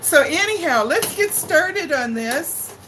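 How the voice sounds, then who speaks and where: Slow chatty woman greeting viewers. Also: expressive, noisy background. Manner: chatty, greets viewers by name with high sing-song hellos. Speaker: livestream cooking host. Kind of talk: casual live-stream chat. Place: living room at home.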